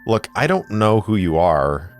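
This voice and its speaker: A man's voice: fairly low pitch, very animated, unhurried, soft background music, voice pushed up. A man voicing a nervous, defensive station resident who stammers under pressure. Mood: startled.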